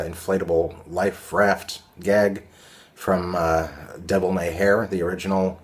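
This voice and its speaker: A man reviewing cartoons in a casual, rambling way, full of fillers and sarcastic asides. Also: low voice.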